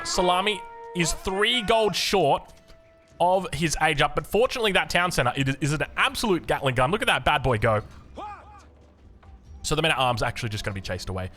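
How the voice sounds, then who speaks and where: Bright-voiced Australian man casting a game. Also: fairly high pitch. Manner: chatty, self-correcting with frequent fillers. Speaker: game caster. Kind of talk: casting a strategy game match.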